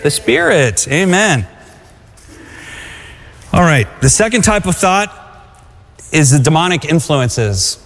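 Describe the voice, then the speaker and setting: A man's voice: on the high side, big pitch swings, takes it slowly, gravelly, pauses often, fairly bright tone. A man preaching a sermon, exhorting and calling on the congregation to answer him. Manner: exhorting, calls for congregation responses. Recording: long hall reverb.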